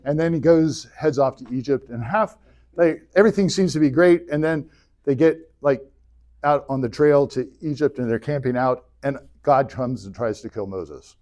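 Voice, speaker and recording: A man's voice: a little high, moderate pace, a little mellow. Joking man retelling a story to a class. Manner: chatty and joking, acting out dialogue. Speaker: adult class teacher. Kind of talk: humorous casual retelling of a story. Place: church classroom.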